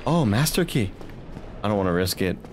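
A man streaming a video game, reacting loudly to the action, swearing and laughing as he plays. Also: on the low side, big pitch swings, fairly quick, soft background music. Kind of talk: casual gameplay commentary.

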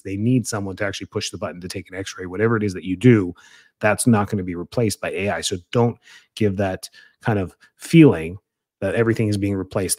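Rambling energetic man, dry close mic. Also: lowish voice, no echo. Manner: rambling, energetic, frequent restarts and fillers. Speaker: podcast host, chiropractor. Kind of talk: casual podcast talk.

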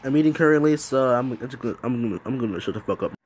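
A man's voice: mid-range voice, very fast, a little mellow. A man giving rambling, profane casual commentary on a video. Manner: rambling, heavy swearing, trailing restarts. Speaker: YouTube commentator.

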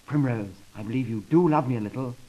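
A man's voice: mid-range voice, fast, mellow, dull audio, lightly acted. A man playing a lovesick young man-about-town in a 1930s comedy sketch, talking in a gushing, theatrical way on an old record.

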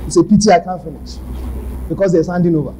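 A Nigerian man preaching a sermon, telling a story with bursts of shouting and laughter. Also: high-pitched, fast talker, slight background noise, low-quality recording.

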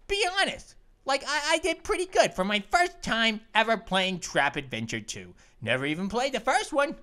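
A woman voicing an excitable cartoon grape who hosts a gaming channel, talking to herself in a jumpy, silly way and repeating phrases. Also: medium pitch. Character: excitable cartoon grape playing video games. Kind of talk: cartoon let's-play commentary.

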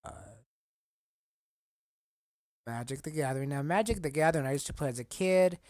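A man in a casual collecting vlog, talking haltingly and getting choked up, rambling with many fillers. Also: fairly high pitch, a little mellow, dry recording, clean studio sound. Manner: halting, emotional, choked up at times. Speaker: collector vlogger.

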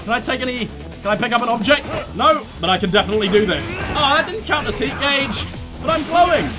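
A man's voice: very high voice, animated, fairly quick. A man hosting a let's play, joking through the game and reading the subtitles aloud in silly voices. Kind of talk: gameplay commentary. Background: game music.

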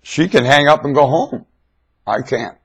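A man's voice: medium pitch, expressive, unhurried, vocal fry, slightly rough. A man rambling in a loose monologue to his webcam, stammering and repeating himself. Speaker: webcam vlogger. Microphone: webcam mic.

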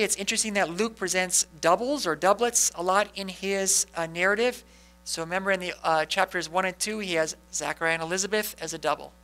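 A man's voice: a little high, bright, forceful tone, poor audio. A man leading a parish Bible study in a conversational way, often asking the group questions and answering them himself.

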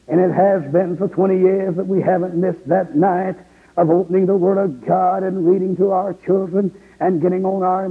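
A middle-aged man, an evangelist, preaching a revival sermon in an impassioned, pleading way with a gravelly, husky voice. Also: high-pitched. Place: church revival service. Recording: tinny, echoey old sermon tape.

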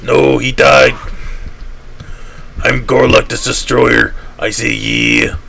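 A man voicing a dim-witted male orc warrior in a game role-play, droning the same short phrases in a low growl. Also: steady tone, noisy background. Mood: proud. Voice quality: gravelly, slow and repetitive.

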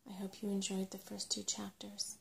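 A woman reading a bedtime story aloud in a hushed ASMR voice, curled up on a sofa at home. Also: medium pitch, monotone, normal speed, vocal fry. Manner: hushed, slipping into whisper.

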